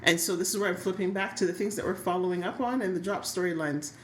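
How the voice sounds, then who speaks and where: A woman's voice: lowish voice, fairly even intonation, quick pace, reverberant, a little hiss or hum. A woman co-hosting a casual chat podcast about a soap opera, recapping scenes and laughing easily. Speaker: podcast co-host.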